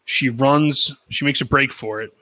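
A podcast co-host recaps a cartoon episode in animated, casual storytelling, quoting lines and swearing along the way. His voice is medium-pitched and his pace measured, though the audio quality is poor.

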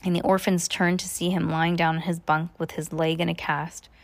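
A woman's voice: lowish voice, level tone, normal speed. A woman, a parent, reading a book aloud to her child in plain narration with small stumbles and self-corrections.

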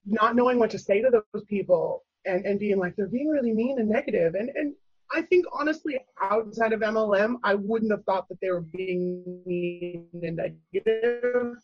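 A woman telling a personal story as a guest, animated and full of fillers, acting out other people's voices. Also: medium pitch, normal speed, dry recording, dull audio, soft background music. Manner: animated, acts out quoted voices, many fillers.

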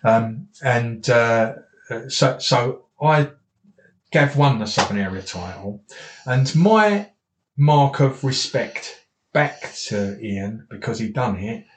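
A man's voice: medium pitch, lively intonation, slow. A man with a South East English accent, a boxing trainer telling rambling anecdotes with restarts and quoted dialogue. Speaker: boxing trainer, podcast guest. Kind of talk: casual storytelling. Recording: roomy echo, faint noise.

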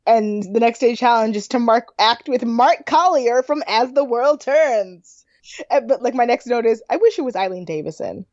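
A woman's voice: a little high, animated, normal speed, a little mellow, no room sound, muffled recording. A young woman co-hosting a podcast, chatting casually and laughing often. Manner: giggly, frequent laughter. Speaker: podcast co-host. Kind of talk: casual chat recapping a reality show.

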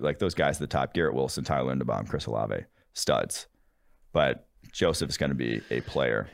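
A man co-hosting a sports podcast as a draft analyst, relaxed, thinking aloud in casual chat. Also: extremely low pitch, no echo.

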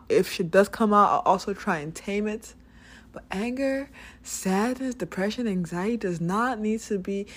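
A young woman giving a blunt, emphatic motivational talk about anger and the past, swearing freely as she goes. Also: on the low side. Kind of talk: motivational self-help talk.

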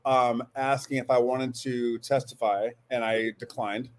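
A man in his forties, a guest in a storytelling interview, speaks earnestly and haltingly. He often restarts his sentences, eventually settling into a steady, medium-pitched voice.

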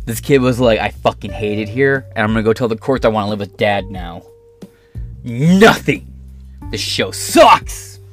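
Profane scornful male commentator. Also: mid-range voice. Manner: profane, scornful asides between read passages. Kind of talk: angry reaction commentary, reading an article aloud.

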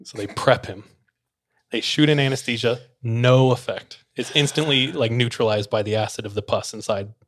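A man casually telling a long, animated story, acting out the voices of the people in it and laughing along the way. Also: mid-range voice, normal speed.

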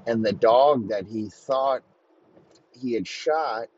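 A man improvising a profane comic story in a deadpan narrating manner. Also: medium pitch, slow pace, a little hiss or hum. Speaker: comedy podcast host. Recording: muffled lo-fi recording.

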